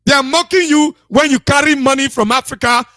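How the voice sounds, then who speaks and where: A man's voice: very high voice, brisk, sharp tone, no room sound. A man, giving a repetitive, emphatic and scolding preaching monologue as a radio broadcaster.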